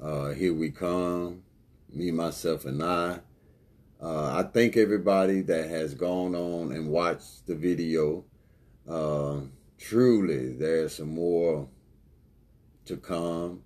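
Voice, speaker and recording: A man hosting a podcast in an earnest, unhurried, thankful way. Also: sits low, a little mellow. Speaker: podcast host. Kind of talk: casual podcast talk.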